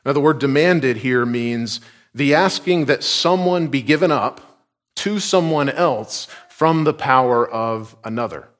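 A man from Georgia delivers a sermon in a mid-range voice. He presses hard on key words, then lets each phrase sink low and quiet at its close. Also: a little slow. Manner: earnest, emphatic, drops low and soft at line ends. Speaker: preacher.

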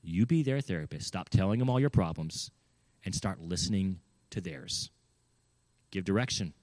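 A man with a fairly low voice tells a personal story and gives advice, earnest and emphatic. He keeps turning to the listener with questions. The sound is dry and close, with no room echo. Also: normal speed, darkish tone. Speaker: speaker giving parenting advice. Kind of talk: storytelling talk.

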